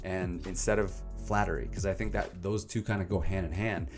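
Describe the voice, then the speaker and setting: A young man in a casual vlog, summarizing a self-help book to camera with animated, emphatic delivery and plenty of fillers. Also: low voice, a little fast, over music. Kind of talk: casual energetic vlog talk.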